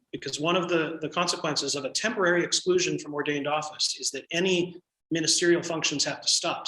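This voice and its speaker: A man leading a church training session, explaining procedure in a measured, thoughtful way with frequent pauses. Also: mid-range voice, sharp tone, roomy sound, rough recording.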